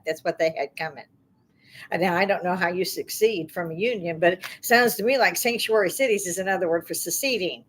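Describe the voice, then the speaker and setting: A woman's voice: lowish voice, slight background noise. A middle-aged woman hosting her own talk stream, ranting angrily about politics with heated, indignant outbursts. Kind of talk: angry political rant.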